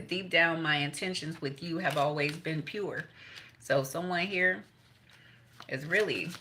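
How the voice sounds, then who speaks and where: A woman's voice: deep voice, background noise. A woman doing a casual tarot reading, blunt and profane, laughing between points. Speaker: tarot reader.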